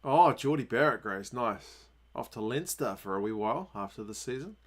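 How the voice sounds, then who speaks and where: A man with a New Zealand accent hosting a casual rugby watchalong stream, chatting with viewers and getting excited at big plays. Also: mid-range voice, moderate pace. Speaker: livestream host.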